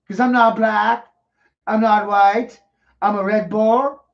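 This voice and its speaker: Male talk-show host, slow profane rants, raised voice in bursts, lo-fi sound. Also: high voice, fairly even intonation, creaky. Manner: crude, swearing, mocking rants with sudden loud outbursts.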